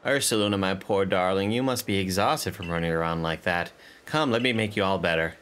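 A man reading a gentle, fussing clan elder's dialogue aloud in a soft, coddling way. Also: sits low, a little fast, clean tone. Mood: soothing. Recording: game music playing under voice.

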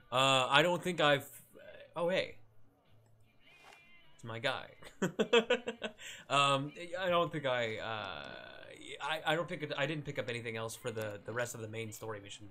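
Bright-voiced young man streaming a game. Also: mid-range voice. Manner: rambling and self-deprecating, laughs often, swears, yelps at scares. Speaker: streamer playing a modded game. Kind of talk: casual gameplay commentary.

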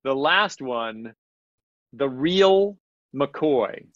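A man presenting artwork from a gallery on a convention panel, chatty with halting restarts and frequent laughs. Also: medium pitch, animated, fairly bright tone, no room sound. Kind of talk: casual panel chat. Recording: slightly dull, dry audio.

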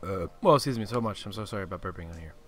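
A man co-hosting a gaming podcast, chatting casually and excitably while playing online, swearing and laughing loudly. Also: low-pitched, very fast.

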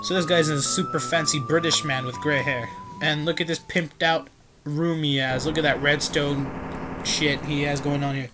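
A man's voice: a little high, fairly even intonation, moderate pace, rough recording. A man giving casual let's play commentary, joking, swearing and reading the game's text aloud. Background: game music.

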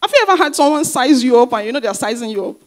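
A woman's voice: sits high, animated, very fast. Emphatic woman pastor preaching. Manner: emphatic, repeats key phrases, asks rhetorical questions. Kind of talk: sermon.

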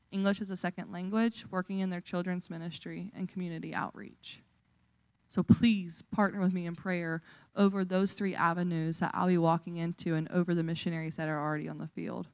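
A young woman speaks earnestly as a missionary, appealing to a congregation for prayer. Her voice sits on the lower side, and the sound is dry and close. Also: a little mellow, clear, resonant tone, no room sound, low-quality recording. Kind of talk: testimony appeal at church.

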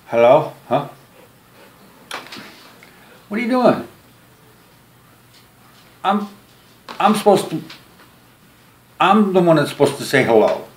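A man with a fairly high, sing-song voice takes his time, leaving long pauses as he vlogs his end of a phone call. He's jokey and rambling, repeating and restarting words and poking fun at himself. The recording is roomy with faint ambience.

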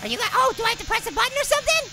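A pint-sized, excitable male cartoon apple chatters through a horror game in a pitched-up, very high voice with a gravelly edge. He yelps and repeats himself when scared, and loud game music plays underneath. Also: rapid-fire, heavily acted. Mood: cheery. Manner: excitable, loud panicked shrieks and repeated words. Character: tiny male apple, cheerful and jumpy. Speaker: gameplay commentator. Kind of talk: horror game let's play commentary.

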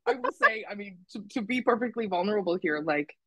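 A woman's voice: mid-range voice, lively intonation, fast talker, dry recording, rough recording. Frank, self-critical woman on a call. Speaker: podcast guest. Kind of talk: candid conversational chat.

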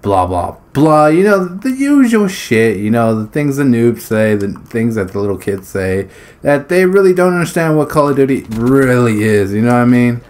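A man giving loose, casual commentary while he plays a shooter, his voice at an ordinary middle pitch. He rambles from thought to thought, swears without a second thought and breaks into short laughs between phrases, throwing in sudden exclamations as the action picks up. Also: very animated, moderate pace, a little mellow. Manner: blurts exclamations during play. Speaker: gaming YouTuber. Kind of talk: casual commentary over gameplay.

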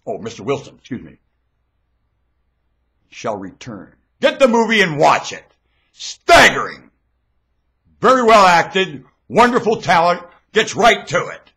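A man giving a rambling webcam monologue, swinging between low mutters and sudden shouts, recorded on a webcam mic at home. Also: wildly swooping pitch, a little slow, long pauses, husky.

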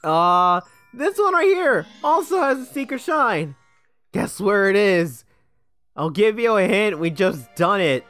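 A man's voice: sits high, very animated, measured pace, a bit bright, no echo, soft background music. Rambling young man commentating on a game. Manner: rambling, self-deprecating, easily sidetracked, laughs at himself. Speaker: let's play commentator. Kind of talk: casual gameplay commentary.

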